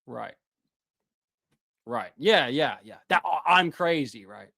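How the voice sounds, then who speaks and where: A man's voice: medium pitch, lively intonation, slow, vocal fry, sharp tone. A man giving a live-stream lecture in an impassioned, sarcastic way, with many fillers and restarts.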